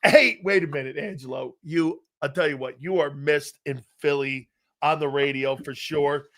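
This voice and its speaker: Male sports talk host, a bit high-pitched, boisterous and laugh-prone, loose storytelling delivery. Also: normal speed, fairly bright tone. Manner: boisterous, laughs often, tells anecdotes. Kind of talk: live sports talk show chat.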